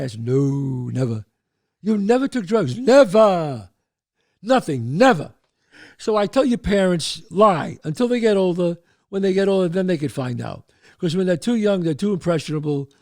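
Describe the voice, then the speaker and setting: An older man hosting a show, telling stories casually and acting out the voices in them. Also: high-pitched. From the Bronx, New York. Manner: animated, acts out voices in his stories. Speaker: host. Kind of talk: casual storytelling.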